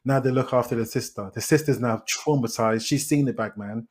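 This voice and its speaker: A man retelling a film plot in casual podcast chat, animated and exasperated, with frequent restarts. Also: medium pitch, brisk, husky. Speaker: podcast host, film reviewer.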